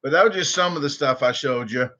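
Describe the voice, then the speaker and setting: A man's voice: mid-range voice, fast talker. A man with a Southern US accent telling a rambling story casually on a livestream, with many restarts. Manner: rambling, repeats and restarts, animated when quoting. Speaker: livestream host. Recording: dull lo-fi livestream audio.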